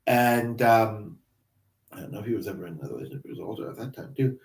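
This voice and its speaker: A man's voice: on the low side, animated, fast, vocal fry. A man talking through his thoughts in a casual, meandering, hesitant monologue. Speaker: vlogger, spiritual channeler. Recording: roomy, distant mic.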